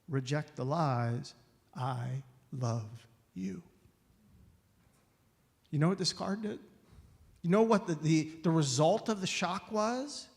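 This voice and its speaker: A man with a slightly high voice gives an inspirational talk in a church sanctuary. He tells his story by acting out the dialogue, and he pleads with the listeners. A long hall reverb trails each phrase. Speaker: guest speaker.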